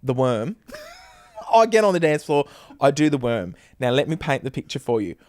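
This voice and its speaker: A man's voice: moderate pace, no room sound. A man, co-hosting a podcast and telling a story in casual chat, acting out what people said. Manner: animated, acts out quotes with big pitch jumps. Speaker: podcast co-host.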